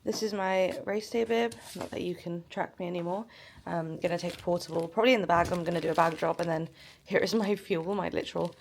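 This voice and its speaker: A woman's voice: lowish voice, creaky, slight background noise. A young woman chatting casually to her phone camera, with lots of fillers and frequent laughter. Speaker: vlogger. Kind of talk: casual vlog chat.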